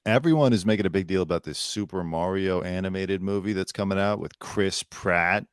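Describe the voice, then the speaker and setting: A man's voice: deep voice, brisk, clear, resonant tone, no room sound. A man co-hosting a casual comedic livestream chat, talking with a dry, sarcastic, teasing manner. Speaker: co-host. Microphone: headphones with desk mic.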